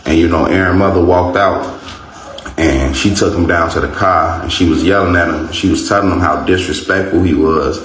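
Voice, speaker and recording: A man's voice: low voice, steady tone, moderate pace, a bit bright, a little hiss or hum. A man casually telling a story in a rambling way, full of fillers. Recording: roomy echo.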